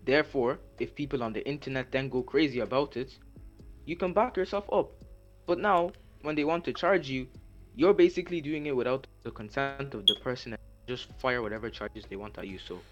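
A man in a casual podcast chat, laying out his view in a measured, formal way. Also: medium pitch, a bit bright, dull audio, soft background music.

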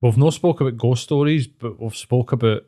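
A Glaswegian man chatting on a podcast in a loose, crude, laid-back way, dropping swear words as he tells stories. His voice sits at an ordinary, middle pitch for a man. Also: normal speed, warm tone. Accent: Glaswegian Scottish. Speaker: podcast co-host. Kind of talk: casual podcast chat.

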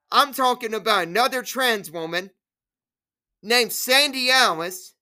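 Woman activist, slow deliberate rant, tense bright voice, repetitive and scolding. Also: on the high side, clear, resonant tone. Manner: indignant, repetitive, scolding trolls. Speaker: trans rights activist. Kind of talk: direct-to-camera rant.

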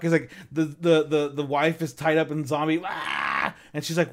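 An animated man with a high, lively voice recaps a film in casual chat. He swoops up and down in pitch, laughs often and acts out the characters' lines as he retells them. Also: moderate pace, vocal fry.

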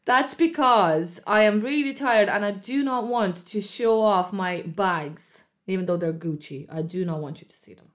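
A woman's voice: mid-range voice, moderate pace, hardly any pauses. Blunt woman, Russian speaker. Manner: blunt, swears, laughs easily. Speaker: podcast co-host. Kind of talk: casual chat.

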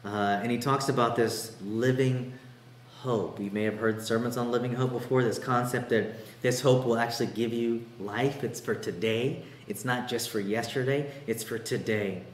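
A man's voice: mid-range voice, roomy sound, slight background noise. A man preaching a sermon, earnest and conversational, walking through a passage verse by verse and repeating key lines for emphasis. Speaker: pastor.

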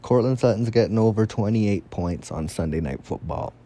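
A young man giving casual solo fantasy football commentary, excitable and rambling, swearing often. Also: fairly low pitch, moderate pace.

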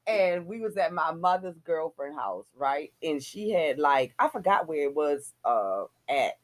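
A woman co-hosting a casual chat, telling an animated story and swearing freely. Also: low-pitched, unhurried. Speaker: podcast co-host.

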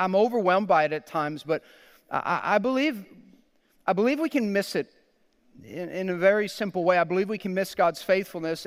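A man's voice: sits high, a bit bright, clean tone, in a large hall. A man in his thirties preaching a sermon as pastor. He speaks earnestly and often repeats words as he goes.

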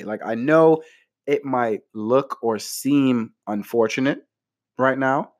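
Talking to the camera, a young man hands out relationship advice in a laid-back, slangy, playful way, his voice jumping up for mock outrage.

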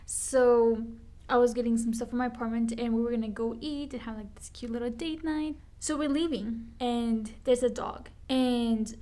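Animated young woman telling stories. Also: fairly high pitch, normal speed. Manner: animated storyteller, says "like" often. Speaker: podcast co-host. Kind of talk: casual chat.

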